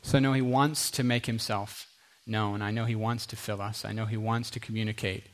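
A middle-aged male pastor preaching with emphatic repetition, sometimes dropping to a quiet hush. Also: fairly low pitch, fairly even intonation, fairly quick. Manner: earnest, emphatic, repeats phrases, drops to a quiet hush. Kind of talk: sermon.

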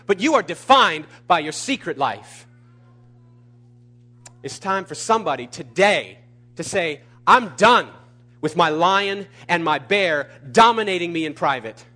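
A man preaching a sermon, emphatic and repetitive, building to loud peaks. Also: high-pitched. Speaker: pastor.

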